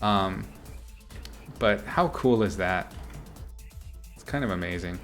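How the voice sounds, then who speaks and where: A man's voice: low voice, animated, slow, faint music behind. A man talking casually to his viewers on a livestream, answering chat and laughing often. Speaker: streamer chatting with viewers while painting.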